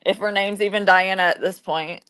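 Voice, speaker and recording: A woman's voice: medium pitch, steady tone, fairly quick, fairly bright tone, smooth, no echo, low-quality recording. A woman in casual group chat, dropping dry asides.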